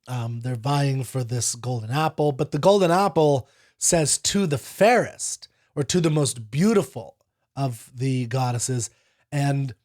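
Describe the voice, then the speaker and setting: A man's voice: medium pitch, darkish tone. Man rambling through casual reaction commentary. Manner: rambling, self-correcting explanations with fillers. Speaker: reaction video host.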